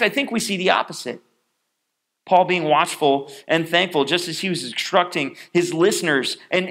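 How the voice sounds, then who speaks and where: A man preaching a sermon, telling a personal story in a chatty, animated way and acting out the scenes. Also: on the high side, gravelly. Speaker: pastor.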